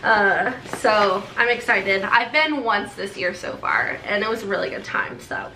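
A woman's voice: mid-range voice, a little slow, sharp tone. A young woman gushing and laughing as she unboxes gifts in a casual vlog. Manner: bubbly, gushing, laughs often. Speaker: beauty vlogger. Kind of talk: excited haul unboxing chat. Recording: echoey room, faint noise.

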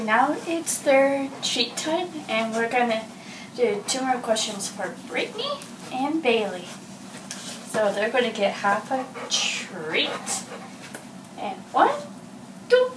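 A woman hosts a cheerful home pet vlog, putting playful questions to her dogs. She talks slowly in a high, swooping, sing-song baby-talk voice, with faint noise behind her. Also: big pitch swings. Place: home room with an ottoman.

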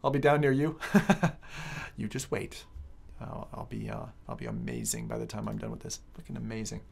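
Gravelly, animated woman game streamer. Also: very deep voice, moderate pace. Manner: excitable, swearing, joking, talks to chat. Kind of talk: casual live-stream chat while gaming.

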